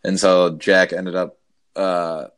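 A man's voice: low voice, flat delivery, slow pace, clean tone. A young man co-hosting a casual chat with friends, teasing his buddy and telling stories with lots of laughs. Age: young adult. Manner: teasing, storytelling, laughs often. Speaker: podcast co-host.

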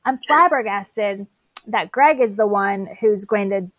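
A woman co-hosts a casual chat podcast, walking through a TV episode in a chatty way and slipping into the characters' lines as she goes. Her voice sits at a middle pitch. The recording is dry and close, with no room sound. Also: measured pace, no echo, rough recording. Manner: chatty, recaps plot with quoted dialogue. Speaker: podcast co-host recapping a TV episode.

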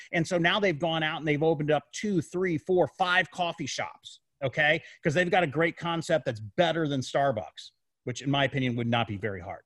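A man's voice: on the high side, a bit bright, no echo. Emphatic man, dry close sound. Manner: emphatic, repeats words, asks rhetorical questions. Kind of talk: casual podcast discussion.

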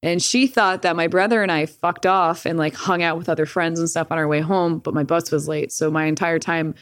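Young woman, lowish voice, dry close sound, loose profane storyteller. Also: fairly quick, dry recording. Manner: profane, filler-heavy with "like"; animated retelling with laughs. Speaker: streamer guest. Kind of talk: casual storytelling.

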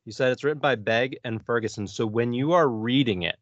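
A man's voice: mid-range voice, brisk, dry recording. A man from central Pennsylvania co-hosting a casual podcast, talking in an easygoing, joking way. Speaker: podcast co-host. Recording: dry, dull lo-fi sound.

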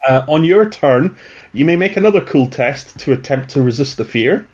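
Male game master, slightly high-pitched, chuckly and rambling, recorded lo-fi. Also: expressive, moderate pace, darkish tone, breathy edge. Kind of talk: narrating a tabletop game with players. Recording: dull lo-fi sound.

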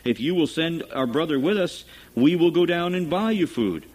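A man's voice: on the high side, expressive, normal speed, a little mellow, husky, voice pushed up, poor audio. Insistent, earnest brother; man reading scripture aloud.

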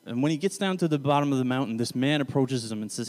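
A man's voice: medium pitch, lively intonation, quick pace, few pauses, darkish tone, big-room sound. A man giving a casual Bible teaching, talking in a loose, conversational way and often correcting himself mid-sentence. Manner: conversational, self-correcting, paraphrasing scripture loosely.

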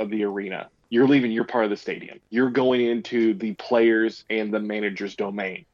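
A man's voice: mid-range voice, lo-fi sound. A man chatting casually and giving his opinions in a rambling way, with many fillers and restarts. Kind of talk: casual chat.

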